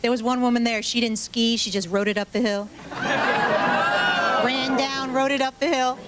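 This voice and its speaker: Female stand-up comic, slightly high voice, punchy self-deprecating delivery, live club audio with heavy noise. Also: steady tone, moderate pace. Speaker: stand-up comedian. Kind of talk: stand-up comedy set. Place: comedy club stage before a live audience. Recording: live club recording with loud crowd and noise. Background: loud audience laughter and noise.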